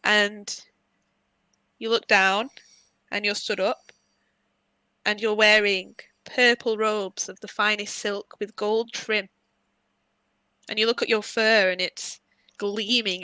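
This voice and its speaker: A woman's voice: mid-range voice, flat delivery, slow pace, long pauses, sharp tone, clear, resonant tone, dry recording, low-quality recording. A woman with a British accent, narrating a tabletop game as dungeon master with vivid, swearing storytelling.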